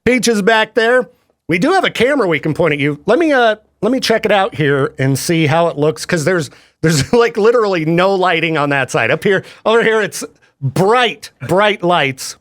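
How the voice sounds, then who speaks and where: A male radio DJ with a high, bouncy voice that swoops up and down as he jokes with his co-host. He talks casually into a studio microphone and laughs often. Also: expressive. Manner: jokey, chatty, quick laughs.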